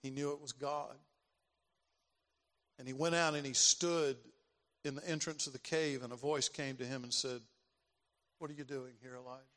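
A man's voice: medium pitch, steady tone, normal speed, pauses often, a bit bright. An older man preaching a sermon as pastor, dramatic and given to repeating his phrases. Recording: long reverb of a large hall.

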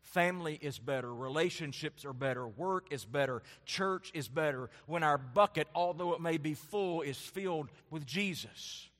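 A man preaching a sermon as a pastor, building his points in rising, emphatic lists and then dropping his voice to soft, quiet asides. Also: on the high side, normal speed, hardly any pauses, in a large hall.

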